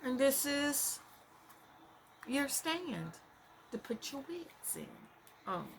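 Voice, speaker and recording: A woman vlogger chats casually through an unboxing, rambling with trailing fillers and talking to herself. Her voice is high-pitched with big pitch swings, and she speaks extremely slowly. Background noise is audible.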